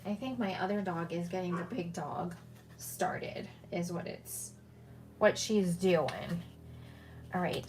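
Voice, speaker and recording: In this casual crafting tutorial, a woman with a mid-range voice narrates her handmade card project, chatty and talking to herself as she works. A little hiss or hum sits under the audio.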